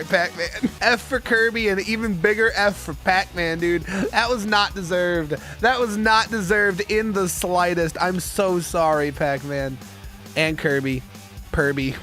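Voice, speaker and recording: A young man streaming a game, reacting excitably, swearing and yelling at what happens. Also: sits high. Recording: music playing behind.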